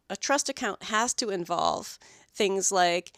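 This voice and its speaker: A woman talks through her podcast in a casual, animated way. She keeps dropping into little acted-out quotes, tagging her points with "right?" The recording is dry and close, with no room sound. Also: mid-range voice, measured pace, no room sound. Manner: animated, acts out dog and owner voices, frequent "right?". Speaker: podcast host and dog groomer.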